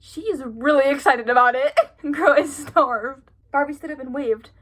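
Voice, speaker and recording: Reading aloud from stories she wrote as a child, a young woman keeps interrupting herself with sarcastic, giggling, incredulous commentary. She speaks at a moderate pace in a high, fairly bright voice.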